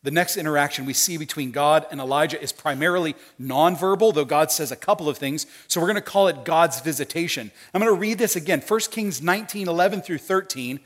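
A middle-aged man preaching a sermon, acting out quoted voices and swinging between hushed, tender lines and loud, emphatic ones. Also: on the high side, fast, hardly any pauses. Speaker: pastor.

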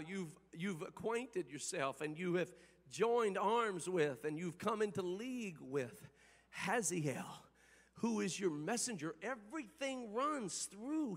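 A man preaching a sermon with fervor, moving from quiet talk to shouting and half-singing. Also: high-pitched, big-room sound.

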